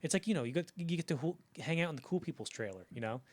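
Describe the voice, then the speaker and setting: A man hosting a podcast, retelling behind-the-scenes stories in casual chat, swearing freely and animated. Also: fairly high pitch. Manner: animated retelling, swearing, slips into quick character voices. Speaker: podcast host.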